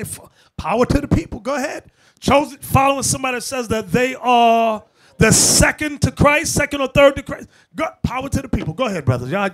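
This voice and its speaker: A bishop preaching a heated sermon. His voice is very high and swoops all over, and its bright tone rises into shouts as he speaks straight to the congregation. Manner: emphatic, shouting at times, addresses the brothers directly. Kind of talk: fiery sermon.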